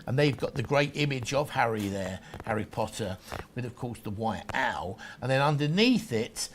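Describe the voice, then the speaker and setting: A man's voice: medium pitch, lively intonation, moderate pace, a little hiss or hum. A man hosting a shopping channel, talking through collectables in chatty, rambling sales patter with frequent restarts. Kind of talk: sales presentation.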